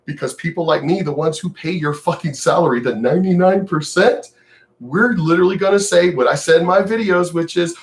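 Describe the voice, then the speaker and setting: A man's voice: fairly high pitch, brisk. Older man ranting with profanity. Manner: profane, sneering, mocking. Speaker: vlogger. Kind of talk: angry direct-to-camera rant.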